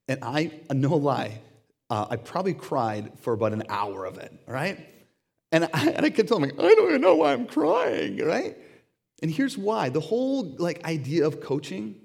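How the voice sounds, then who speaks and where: A middle-aged man preaching a sermon in a conversational, animated way, acting out the voices he quotes. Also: fairly high pitch. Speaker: pastor.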